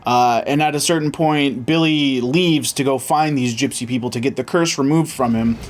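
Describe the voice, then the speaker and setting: A man co-hosting a casual movie chat, telling stories in a relaxed, enthusiastic way. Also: medium pitch, moderate pace. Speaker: podcast co-host.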